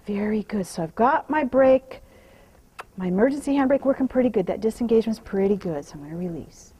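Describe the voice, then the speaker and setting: A woman horse trainer talking out loud while she rides, softly praising the horse and explaining each step. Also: medium pitch, expressive, brisk, husky, rough recording. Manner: soothing praise to the horse, mixed with quiet running explanation. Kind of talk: narrating while riding.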